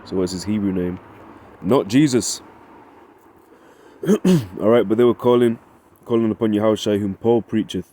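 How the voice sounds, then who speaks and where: A man's voice: lowish voice, moderate pace, long pauses, mellow. A man giving a casual Bible study, talking conversationally, often asking "right?" and reading scripture aloud. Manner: reads scripture in old-fashioned wording. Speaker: Bible teacher.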